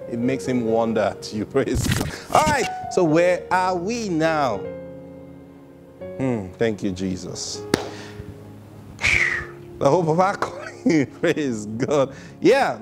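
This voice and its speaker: Guy preaching with lots of energy, keeps laughing and saying praise god, music going in the background. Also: mid-range voice. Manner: acts out voices in his stories. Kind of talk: sermon.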